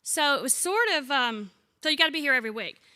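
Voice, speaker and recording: A woman in her sixties leads a Bible study, her voice bright and forward and set fairly high. She teaches in a chatty way, telling funny stories and putting questions to the group. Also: animated, fast talker. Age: 60s. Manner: chatty, warm-humored storyteller who asks the group questions. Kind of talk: conversational teaching with humorous stories.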